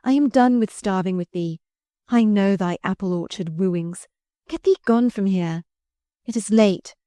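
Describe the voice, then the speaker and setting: A woman's voice: medium pitch, measured pace, mellow, no room sound, natural voice. A woman reading the part of a proud young woman who speaks derisively and imperiously in archaic speech. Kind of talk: audiobook character reading.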